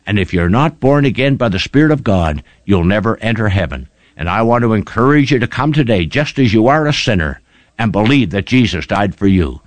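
A man's voice: mid-range voice, no echo. A man preaching a broadcast sermon, making an earnest, pleading appeal to his listeners. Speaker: radio preacher.

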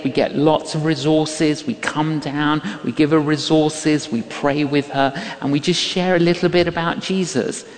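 An older man preaching a sermon, telling a story with emphatic repetition and acting out the voices he quotes. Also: a little high. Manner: emphatic, repeats key lines, acts out quoted voices. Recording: long hall reverb.

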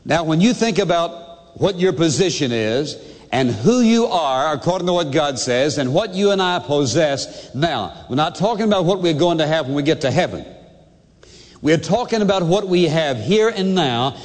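A man's voice: a little high, lively intonation, normal speed, big-room sound. An older man preaching a sermon as pastor, emphatic and asking his listeners questions.

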